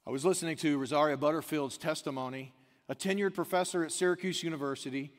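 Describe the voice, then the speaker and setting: A man's voice: on the high side, steady tone, quick pace. Man preaching in a long-echoing hall. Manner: swings from hushed asides to near-shouted emphasis. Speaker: pastor. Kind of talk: sermon.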